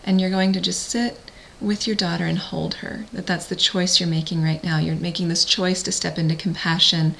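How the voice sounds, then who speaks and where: A woman working as a parent coach, guiding a listener through a visualization in a gentle, slow, soothing way. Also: on the low side, creaky, a little hiss or hum, poor audio. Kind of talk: guided visualization.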